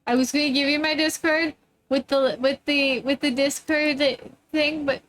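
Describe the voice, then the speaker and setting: A woman's voice: high-pitched, fairly even intonation, moderate pace, fairly bright tone, a little hiss or hum. A woman chatting casually on a live stream, distracted and muttering curses as her tech acts up.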